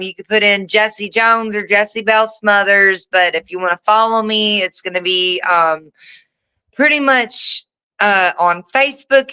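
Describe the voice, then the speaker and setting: A woman's voice: mid-range voice, pushed and bright, clear, resonant tone, rough recording. A woman with a Southern US accent, a wrestling guest telling stories in a chatty, self-mocking way, swearing freely. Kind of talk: casual chat.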